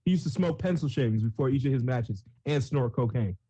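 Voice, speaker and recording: Rambling man with a mellow, dry voice. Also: medium pitch, animated, brisk, slightly rough, no room sound, highs cut off. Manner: rambling, filler-heavy, joking. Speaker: co-host. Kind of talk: casual gaming chat.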